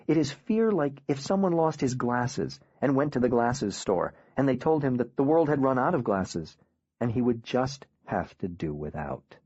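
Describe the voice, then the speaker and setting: A man reading a first-person audiobook in a quiet, grave, measured way. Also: mid-range voice, very animated, slightly rough, no echo, dull audio. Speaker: audiobook narrator.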